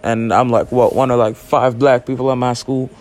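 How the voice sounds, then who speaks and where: A man's voice: medium pitch, flat delivery, normal speed, darkish tone. Rambling teen guy cracking jokes. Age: late teens. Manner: rambling, joking, heavy slang and cussing. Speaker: podcast host. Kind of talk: casual solo podcast monologue.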